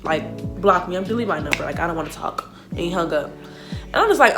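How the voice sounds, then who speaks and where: Animated young woman telling a story. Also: lowish voice, quick pace. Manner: animated, slangy, acts out quotes of others. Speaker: vlogger. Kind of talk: casual storytime. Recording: music playing behind the voice.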